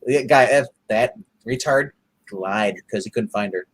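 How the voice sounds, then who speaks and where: A man co-hosting a casual comic review chat, excitable and rambling, often restarting his sentences. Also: on the low side, unhurried.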